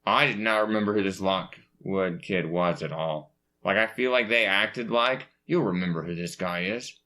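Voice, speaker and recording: A man's voice: deep voice, moderate pace, bright, forceful tone. A man co-hosting a casual movie review podcast, blunt and jokingly sure of his own opinions. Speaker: podcast co-host.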